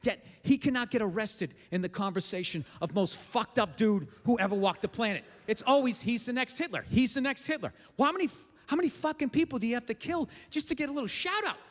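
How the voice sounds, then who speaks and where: A man doing a stand-up comedy set on stage, ranting and swearing with loud shouted bursts, recorded live in a theater. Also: extremely high pitch. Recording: live in a theater with long reverb and faint crowd noise.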